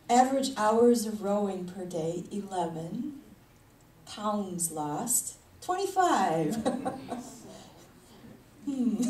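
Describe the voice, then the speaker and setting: A woman's voice: medium pitch, a little mellow. A woman spiritual leader giving a conversational sermon, chuckling often as she talks. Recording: echoey hall, mic at a distance, faint noise.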